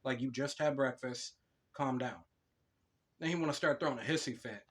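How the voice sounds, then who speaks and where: A young man co-hosting a casual podcast, telling stories in a lively, foul-mouthed way. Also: medium pitch, moderate pace. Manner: swears a lot, animated storytelling. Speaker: podcast co-host.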